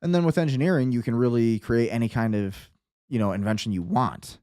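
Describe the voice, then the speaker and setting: A man's voice: medium pitch, brisk, warm tone, clean tone, dry recording, clean studio sound. A man hosting a casual commentary show, ranting bluntly with sarcasm. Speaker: host.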